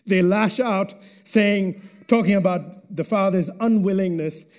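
A man preaching a sermon, slow and deliberate, letting his voice drop low and quiet at the end of phrases. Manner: slow and deliberate, dropping to a hush at phrase ends.

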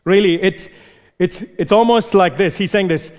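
Emphatic preacher with a fairly high voice. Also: male voice, normal speed, a little mellow. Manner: emphatic, repeats words for stress. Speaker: pastor. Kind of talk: sermon. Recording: long reverb of a large hall.

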